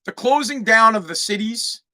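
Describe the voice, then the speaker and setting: A man from Massachusetts, hosting a solo podcast and ranting loudly with lots of swearing and restarts. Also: high-pitched, lively intonation, normal speed. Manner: loud, swearing, repetitive restarts. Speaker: podcast host. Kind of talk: profane solo podcast rant.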